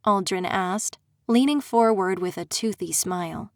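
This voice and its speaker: A woman reading a first-person dark fantasy audiobook in a steady, dramatic storytelling manner. Her voice sits in a middle pitch. The recording is dry and close. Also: unhurried, no echo. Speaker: audiobook narrator.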